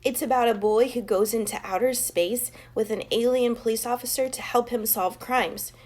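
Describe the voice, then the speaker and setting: A woman's voice: a little high, normal speed, darkish tone, natural voice. A woman voicing a sensible young schoolboy in a storybook, matter-of-fact in tone.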